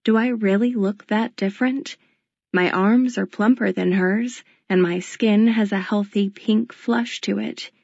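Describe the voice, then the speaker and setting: A woman's voice: mid-range voice, steady tone, measured pace, creaky, darkish tone, dry recording. Woman, audiobook narration, first person, introspective, dry close sound, dull lo-fi recording.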